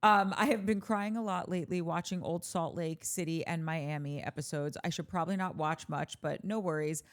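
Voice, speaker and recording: Brief: woman podcast co-host, lower-pitched voice, lively asides while reading fan comments. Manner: animated, quick asides between readings. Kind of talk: casual chat, reading listener comments aloud.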